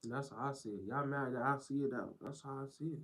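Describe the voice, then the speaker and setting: A male streamer with a mid-pitched voice talks straight into his stream. He is blunt and rambling and keeps looping back over the same phrases as he reacts to clips. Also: fairly even intonation, quick pace, fairly bright tone, poor audio. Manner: blunt, rambling, repeats himself. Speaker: live streamer.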